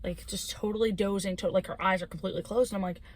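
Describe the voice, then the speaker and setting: A young woman co-hosting a podcast, telling a spooky story in casual chat, animated and giggly as she acts out the quotes. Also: medium pitch, racing, slight background noise. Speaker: podcast co-host.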